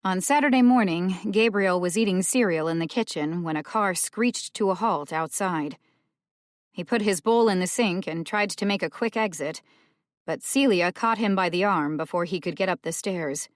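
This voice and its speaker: A woman reading a thriller audiobook as narrator in a measured, unhurried way. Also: on the low side, no echo, studio quality. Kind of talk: scripted narration.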